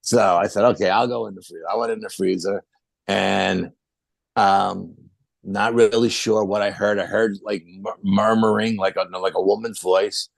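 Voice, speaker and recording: A man's voice: lowish voice, little pitch movement, unhurried, vocal fry, no echo. A middle-aged man telling a ghost-hunting story in a casual, rambling way, full of fillers and restarts. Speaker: paranormal investigator guest.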